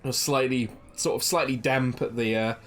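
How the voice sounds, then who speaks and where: Halting game master narrating a tabletop game. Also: mid-range voice, fairly even intonation, a bit bright. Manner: halting, lots of ums, descriptive.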